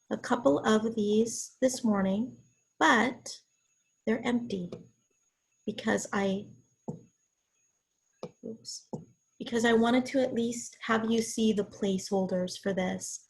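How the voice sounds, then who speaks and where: Raspy, hoarse woman teaching online. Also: a little high, slow pace, long pauses. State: hoarse from illness. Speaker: college writing instructor. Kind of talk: online class lecture. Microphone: computer mic on a video call.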